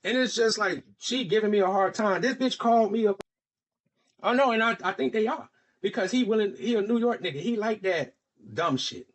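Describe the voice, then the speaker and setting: A man's voice: high-pitched, normal speed. A man from Florida telling a heated personal story in casual podcast talk, cursing freely and acting out the other people's lines. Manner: profane, heated, acts out quoted dialogue. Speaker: podcast host.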